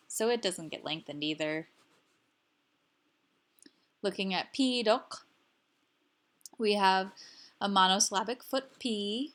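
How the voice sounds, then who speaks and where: A woman teaching a language lesson, explaining syllables slowly and repeating each example word carefully for learners. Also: mid-range voice, a bit bright. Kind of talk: slow instructional explanation.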